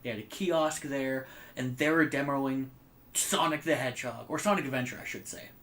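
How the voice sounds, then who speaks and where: A man's voice: medium pitch, moderate pace. A man in his twenties co-hosting a casual podcast, telling rambling stories with lots of fillers and swearing. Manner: rambling, animated storytelling with frequent fillers and swearing. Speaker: podcast co-host. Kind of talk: casual chat.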